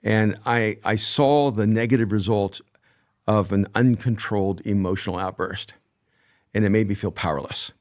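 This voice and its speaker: Thoughtful older man, measured podcast guest. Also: lowish voice, steady tone, a little mellow. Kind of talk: reflective conversation.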